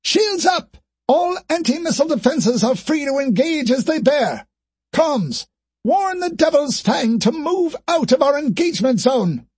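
A man playing an irritable starship captain who barks rapid orders on his bridge. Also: very high voice, big pitch swings, dry recording, voice pushed up, heavily acted. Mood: commanding. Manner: barking orders, shouting.

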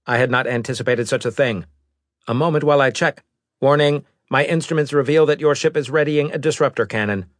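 A man's voice: medium pitch, fairly quick, no room sound, studio quality, voice pushed up, natural voice. A man voicing a rigid alien robot that speaks in a stiff, formal, insistent way. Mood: demanding.

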